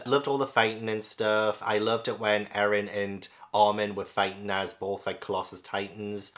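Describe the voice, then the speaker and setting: A man giving a casual, rambling spoken review of a manga, animated and full of "like". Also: on the low side. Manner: rambling, animated, heavy use of "like".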